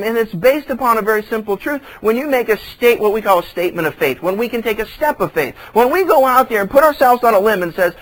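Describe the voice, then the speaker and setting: Male pastor, high voice, animated sermon delivery, acts out quoted voices. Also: brisk, hardly any pauses, poor audio. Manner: repeats phrases for emphasis.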